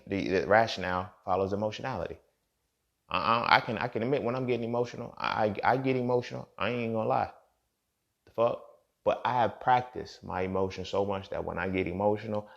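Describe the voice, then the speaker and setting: Deep gravelly-voiced man. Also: a bit bright, highs cut off. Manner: blunt, profane, talks straight to listeners. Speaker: podcast host. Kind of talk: casual monologue.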